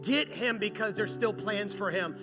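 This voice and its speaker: High-voiced preacher over music. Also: male voice, moderate pace. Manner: animated storytelling, acting out quoted dialogue. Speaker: pastor. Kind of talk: sermon. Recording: music playing behind.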